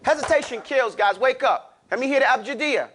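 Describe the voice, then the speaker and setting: A man with a New York accent teaching a class, lively and animated, urging his students to repeat after him. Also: very high-pitched, fairly quick, slight background noise. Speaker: Arabic teacher. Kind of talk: classroom lecture.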